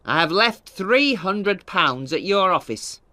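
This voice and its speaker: A narrator voicing a hot-tempered older miller and father, in a lowered voice that sinks to a weak whisper as he dies, for an audio storybook. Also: expressive, takes it slowly, pushed and bright, dry recording. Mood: furious.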